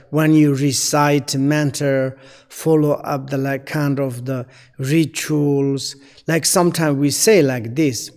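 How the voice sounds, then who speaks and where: A man giving a Dharma teaching in halting, non-native English. He pauses often with fillers while searching for words. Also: on the high side, darkish tone, long reverb tail. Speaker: Buddhist teacher.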